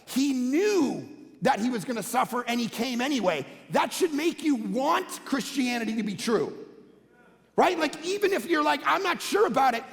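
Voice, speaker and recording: High, gravelly-voiced man preaching a sermon. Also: normal speed. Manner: energetic and conversational, swings from loud emphatic bursts to quiet low asides. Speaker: pastor. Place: church auditorium. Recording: long hall reverb.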